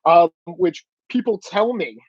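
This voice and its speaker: A man's voice: high-pitched, unhurried, no room sound. A man with a thick New York–New Jersey accent, talking bluntly and profanely in a casual opinion monologue. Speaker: independent journalist, vlogger. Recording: dull lo-fi dry recording.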